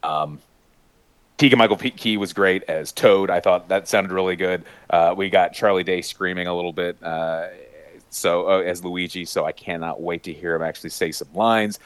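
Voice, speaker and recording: A man talking in a casual podcast chat, enthusiastic and rambling, full of fillers and restarts, who now and then breaks into high-pitched voice impressions. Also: fairly even intonation, moderate pace, clear, resonant tone, no echo. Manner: mimics voices with sudden high-pitched bursts. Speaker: podcast panelist.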